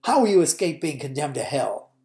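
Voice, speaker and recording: A woman's voice: low voice, sing-song, a little fast, reverberant. A woman preaching as a stern man thundering judgment. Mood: denouncing. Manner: loud, forceful declaiming. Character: stern, grieving man denouncing religious leaders.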